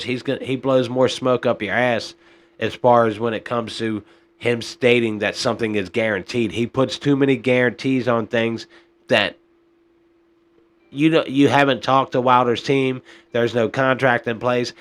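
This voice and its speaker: A man's voice: lowish voice, a bit bright. A man hosting a podcast, giving casual boxing commentary in a rambling, frustrated way, often tossing in "man" and "uh.". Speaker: podcast host.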